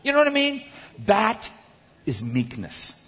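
A male preacher telling a funny story in a sermon, animated and acting out the characters. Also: high voice, a little slow. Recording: echoey large hall.

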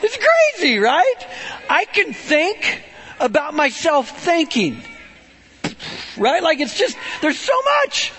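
A man preaching a storytelling sermon in an animated, conversational way, often checking in with "right?". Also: very high voice, takes it slowly.

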